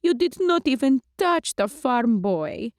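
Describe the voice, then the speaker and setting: An ancient female vampire, adoring and a little out of step with the modern world, acted out by a woman reading a story. She speaks slowly in stilted, formal sentences without contractions, her pitch swinging widely, and the recording is close and dry. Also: sing-song, darkish tone, dry recording, exaggerated voice. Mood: doting.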